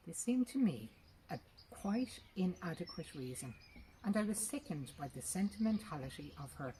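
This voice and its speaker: Low-voiced woman reading a story. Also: normal speed, a little hiss or hum, rough recording. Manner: lively, expressive first-person narration. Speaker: reader.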